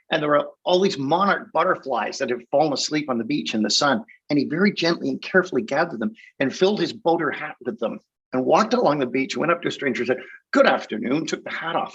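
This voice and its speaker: A man's voice: medium pitch, creaky, a bit bright, slightly rough. An older man from England, a guest hypnotist, telling wry, funny stories in a casual interview and laughing often. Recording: dull lo-fi sound.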